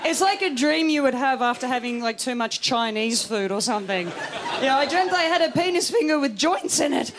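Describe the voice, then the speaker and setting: On a studio stage, a woman comedian performs a stand-up set, giggling and laughing through her lines as she pokes fun at herself. Her voice sits high with lively intonation and a fairly quick pace. Loud laughter and noise from the live audience fill the recording.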